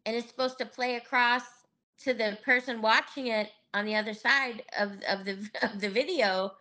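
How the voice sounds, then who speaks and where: A woman's voice: a little high, steady tone, normal speed, sharp tone. A middle-aged woman telling candid stories as a podcast guest, laughing often and acting out what others said. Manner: candid, laughing, acts out quoted voices. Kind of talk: casual interview storytelling.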